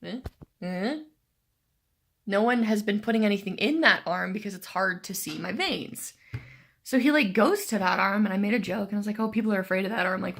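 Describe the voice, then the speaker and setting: A young woman speaking casually to a camera at home, her mid-pitched voice carrying a light gravelly fry. She is chatty and sarcastic, with a steady stream of "like" in her talk. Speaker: cancer patient vlogger. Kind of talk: casual vlog storytelling.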